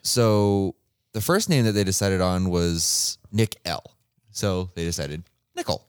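A man co-hosting a podcast, telling a story in casual chat with animated delivery. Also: sits low, a little slow, smooth, no room sound, studio quality. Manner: animated storyteller, laughs at his own tale. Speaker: podcast co-host.

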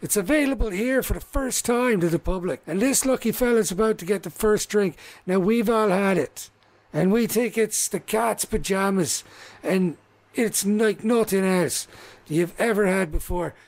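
A man voicing a boastful male halfling brewer who pitches his beer with showy salesman patter. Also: moderate pace.

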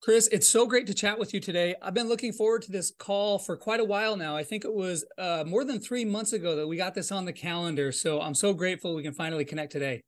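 A man hosting an interview podcast with a high, quick voice. He reads a polished introduction and asks questions in a measured way. The sound is dry and close, with no room echo. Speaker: podcast host.

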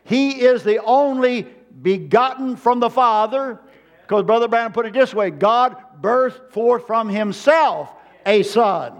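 A man's voice: extremely high pitch, unhurried, muffled recording. A man preaching a sermon to a congregation, driving points home with repeated phrases and calling for amens.

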